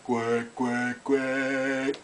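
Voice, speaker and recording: A man's voice: mid-range voice, level tone, very slow, slight background noise. A man voicing a silly, chatty male duck puppet that quacks and teases. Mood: playful. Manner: playful teasing, quacking.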